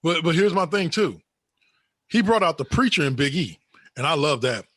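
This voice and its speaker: A man co-hosting a wrestling podcast in casual chat, animated and slangy, often calling people bro or brother. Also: on the high side, normal speed, no echo, studio quality. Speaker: podcast co-host.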